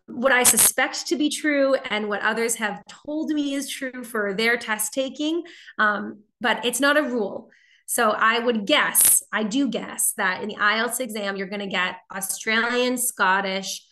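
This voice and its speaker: A woman's voice: medium pitch, sharp tone. A woman from Boston with a neutral General American accent, teaching a live online lesson in a chatty way and answering viewer questions as she goes. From Boston, United States. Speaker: TOEFL teacher.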